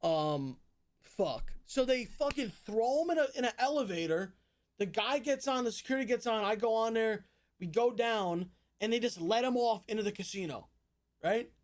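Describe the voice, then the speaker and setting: A young male streamer with a notably high voice tells a wild night-out story to his chat. He races through some parts, drags others out, and cusses constantly. At the big moments he bursts into full shouting. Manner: animated, swears a lot, jumps between fast narration and loud outbursts. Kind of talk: casual storytelling to a live stream audience.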